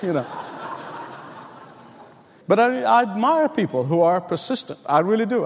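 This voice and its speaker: A man's voice: sits high, a little mellow, in a large hall. A middle-aged man preaching a sermon, telling stories and building emphatic repeated lines. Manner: storytelling, emphatic, repetitive build-ups. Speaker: pastor.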